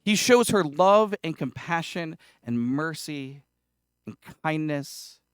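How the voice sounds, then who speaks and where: A man's voice: a little high, lively intonation, slow, clean tone, dry recording, studio quality. A male pastor preaching a sermon in a conversational, self-deprecating way, with casual asides. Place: church sanctuary.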